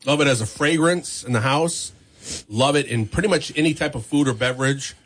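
A man's voice: mid-range voice, fairly quick, fairly bright tone. A man hosting a morning radio show, chatty and upbeat, often laughing. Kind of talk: casual radio banter. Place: radio studio.

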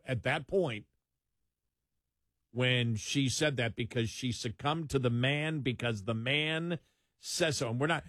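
A man co-hosting a talk show, speaking in emphatic, animated commentary with frequent laughs. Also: mid-range voice, slow, no echo, studio quality. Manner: animated, emphatic, laughs while mocking opponents. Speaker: co-host.

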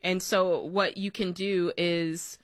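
A woman co-hosting a call-in advice show, explaining things clearly and with emphatic stress. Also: on the low side, level tone, slow, dry recording. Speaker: radio show co-host.

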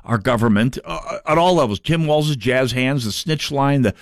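A man hosting a political talk radio show, delivering a sarcastic, mocking monologue with sudden jumps in pitch for emphasis. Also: moderate pace, dry recording, clean studio sound.

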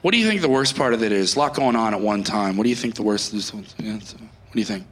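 A man's voice: lowish voice, lively intonation, quick pace, noisy background. A male comedian doing a stand-up act, ranting in a sarcastic and profane way. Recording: echoey room with loud ambience.

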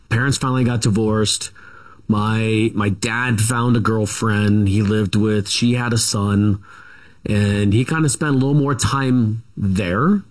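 A middle-aged man being interviewed as a guest, telling a family story in a rambling, halting way with many asides. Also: on the low side.

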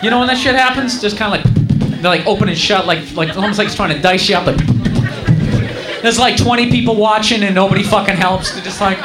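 Profane stand-up man, high-pitched. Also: fast talker, music in the background. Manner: profane, storytelling, animated. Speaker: stand-up comedian. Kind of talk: stand-up routine. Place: comedy club stage. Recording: echoey club with crowd laughter. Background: audience laughing.

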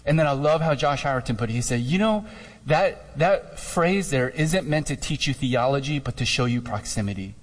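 A male pastor giving a conversational, animated sermon with jokey asides. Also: medium pitch, moderate pace. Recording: long hall reverb.

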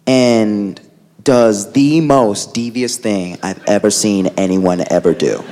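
A young male stand-up comedian telling an animated, filler-heavy story on a club stage. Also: mid-range voice. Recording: noisy live club with crowd laughter. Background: audience laughter and room noise.

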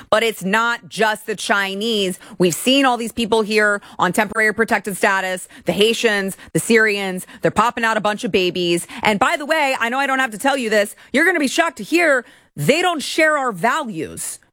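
A woman's voice: mid-range voice, normal speed, a bit bright, no room sound, studio quality. A woman in her thirties hosting a political commentary show, delivering a heated, indignant monologue.

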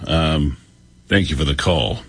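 A man hosting a call-in talk radio show, speaking in a somber, measured way. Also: extremely low pitch, a bit bright, husky.

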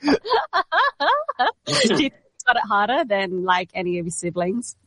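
A woman's voice: on the high side, sing-song, measured pace, pushed and bright, no echo. A woman hosting a radio interview, asking questions with many fillers. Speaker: radio host.

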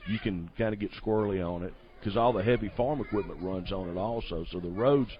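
A man's voice: lowish voice, fairly quick. A man, telling a hunting trip story as a guest in an easygoing, rambling way. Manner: easygoing, rambling, laughs often. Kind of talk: casual storytelling. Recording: dull lo-fi audio.

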